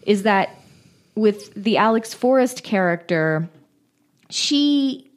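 A woman's voice: medium pitch, expressive, slow pace. A woman co-hosting a podcast, retelling a film's plot in casual chat and giving blunt opinions. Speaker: podcast co-host. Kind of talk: casual chat recapping a movie.

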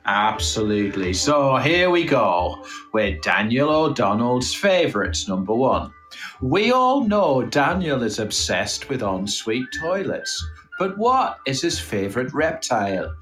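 A man co-hosting a comedy podcast, running a quiz in a put-on Irish accent with teasing, drawn-out quizmaster patter. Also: medium pitch, big pitch swings, a bit bright, faint music behind. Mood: mock-grand. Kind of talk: mock Irish quiz-host voice.

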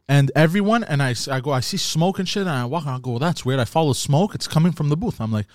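A man who is a comedian guest on a podcast, telling a story animatedly and yelling out the lines he quotes. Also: on the high side, expressive, fast talker, no room sound, clean studio sound.

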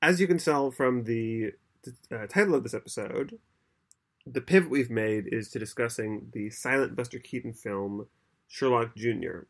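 A man's voice: medium pitch, normal speed. A man co-hosting a podcast in casual chat, explaining at length and laughing often. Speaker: podcast co-host.

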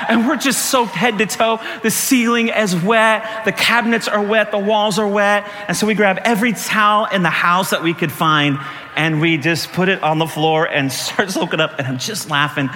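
A middle-aged man, a pastor, preaching a sermon with animated storytelling, laughing through his stories and jumping high in pitch when he acts out panic. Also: normal speed, big-room sound, background noise. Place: church.

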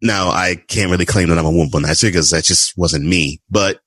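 A man's voice: low voice, brisk, no room sound. A man hosting a casual faith-based interview, asking questions and reacting with frequent exclamations. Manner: expressive, exclaims often. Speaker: podcast host.

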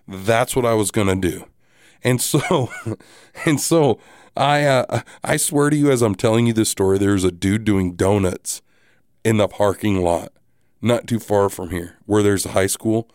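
A married man hosting a podcast, telling a story casually in a rambling, animated way with many restarts and asides. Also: mid-range voice, no room sound, studio quality. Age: adult, married. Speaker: podcast host.

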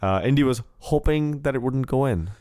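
Male podcast co-host, rambling and jokey, dry close sound, ordinary pitch. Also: normal speed, darkish tone, dry recording. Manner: rambling, jokey, many fillers. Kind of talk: casual soccer podcast chat.

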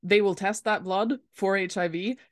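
A woman's voice: mid-range voice, steady tone, moderate pace, dry recording. A woman co-hosting a podcast in a small basement studio, chatting casually and rambling, with lots of fillers and restarts. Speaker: podcast co-host. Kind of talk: casual chat. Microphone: studio mic.

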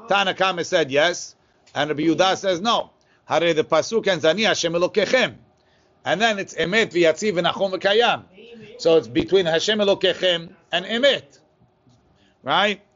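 Guy teaching talmud, slightly high voice, reads text fast then explains it chill, muffled lo-fi recording. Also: a bit bright. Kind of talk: Talmud class, reading and translating.

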